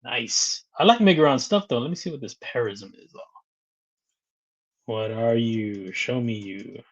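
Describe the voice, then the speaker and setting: A man's voice: mid-range voice, measured pace, muffled recording. A man hosting a casual live stream, greeting viewers by name, reading their comments aloud and laughing often. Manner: chatty, reads out viewer comments and greets them; laughs often between remarks.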